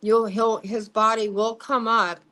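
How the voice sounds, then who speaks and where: Brief: middle-aged woman, slightly high voice, salty and animated storyteller in an interview. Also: a little slow, poor audio. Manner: swearing, laughing, acting out quotes. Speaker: psychic medium guest.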